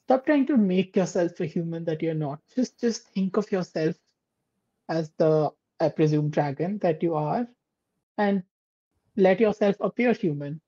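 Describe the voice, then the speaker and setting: A woman player in a tabletop game, low and dark in tone. She speaks slowly and hesitantly, correcting herself as she thinks aloud. The sound is dry and dull, from a lo-fi mic. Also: no room sound.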